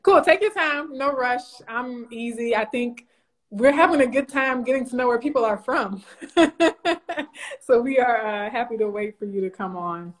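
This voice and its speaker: A bubbly woman hosts a casual live stream. Her voice sits a touch high, and she laughs often as she greets viewers by name. She talks into a phone or computer mic. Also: normal speed. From Louisiana, USA.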